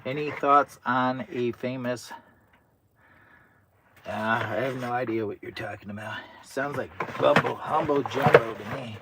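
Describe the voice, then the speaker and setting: A man's voice: medium pitch, unhurried, very noisy. A man vlogging casually at his campsite, muttering to himself as he tidies up. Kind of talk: casual camping vlog. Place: outdoors at a campsite by a tent.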